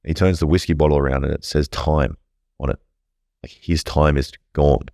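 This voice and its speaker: A man's voice: very deep voice, fairly even intonation, moderate pace, gravelly, darkish tone, no echo, clean studio sound. A man speaking bluntly and earnestly as a podcast guest, swearing freely in casual interview talk.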